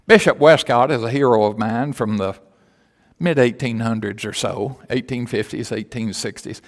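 A man's voice: medium pitch, moderate pace, long reverb tail. A man preaching a sermon in a church as pastor, telling stories and then building to emphatic, repeated declarations.

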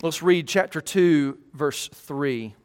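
A man's voice: on the high side, takes it slowly, smooth, in a large hall. A man preaching as a pastor, earnest, with emphatic rising peaks and frequent restarts. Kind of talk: sermon. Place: church.

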